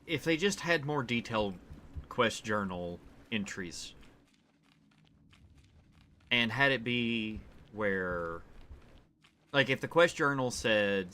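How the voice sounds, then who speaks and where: A man's voice: on the low side, takes it slowly, pauses often, sharp tone. A man giving casual let's-play commentary from his desk at home, rambling and thinking aloud as he plays. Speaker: gaming YouTuber.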